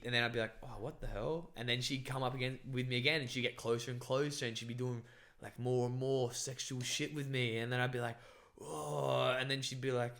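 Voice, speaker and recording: A man's voice: mid-range voice, sharp tone. A young man telling a rambling story on a podcast, full of filler words and swearing. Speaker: podcast co-host. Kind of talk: casual storytelling chat.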